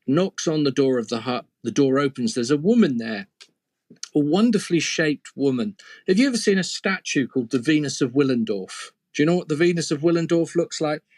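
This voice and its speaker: A man's voice: fairly high pitch, fairly quick, dry recording. Man telling a fairy tale aloud. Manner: conversational, lively asides to the listener. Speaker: storyteller. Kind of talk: oral storytelling.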